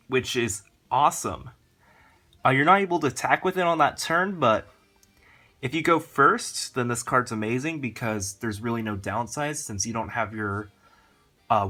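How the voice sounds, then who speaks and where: Rushed, rambling man explaining a deck. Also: medium pitch, sharp tone. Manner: rushed, rambling, lots of fillers. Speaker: card game channel host. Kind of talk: casual deck walkthrough.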